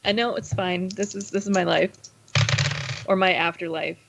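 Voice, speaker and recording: A woman playing a tabletop role-playing game, talking in a playful, halting way with many fillers. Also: fairly low pitch, fairly even intonation, vocal fry, noisy background. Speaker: player. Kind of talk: casual tabletop play.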